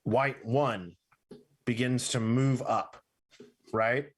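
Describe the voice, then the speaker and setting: A man narrating a tabletop game as its game master, describing scenes slowly and deliberately. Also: medium pitch, fairly even intonation.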